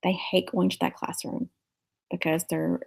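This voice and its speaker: A woman's voice: lowish voice, flat delivery, a little slow, vocal fry, breathy edge, rough recording. A woman teacher giving an earnest, practical lecture on managing a classroom, illustrated with stories from school.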